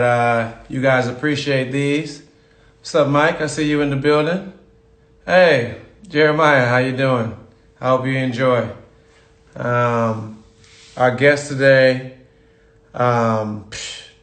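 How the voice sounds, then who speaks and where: A man hosting a casual live-streamed talk show, talking loosely with lots of fillers and shout-outs to viewers. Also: medium pitch. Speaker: podcast host.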